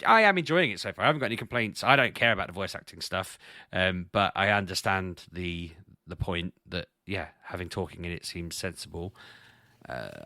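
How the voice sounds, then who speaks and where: A man's voice: sits low, sharp tone, no echo, studio quality. A man hosting a casual gaming podcast, thinking aloud with restarts and sudden exclamations. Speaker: podcast host. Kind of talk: casual chat about video games.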